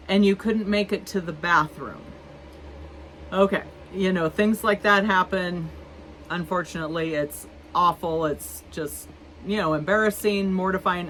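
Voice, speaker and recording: A woman's voice: medium pitch, fairly bright tone, a little hiss or hum, poor audio. A woman in her fifties telling a story to camera in a chatty, rambling way, with many fillers and restarts. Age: 50s. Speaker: vlogger.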